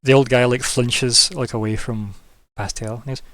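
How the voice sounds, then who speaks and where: A man narrates a tabletop session in a casual, rambling way, full of fillers and quick asides. His voice sits in a middle range, and the recording is close and dry. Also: medium pitch, fairly even intonation, fairly bright tone, no room sound. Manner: chatty, fast asides with fillers. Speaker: game master.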